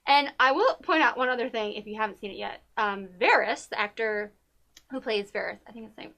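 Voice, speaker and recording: A woman's voice: on the high side, a little fast, vocal fry, bright, forceful tone. A woman co-hosting a TV talk show, chatting casually and gushing about a documentary, with many fillers. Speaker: podcast co-host.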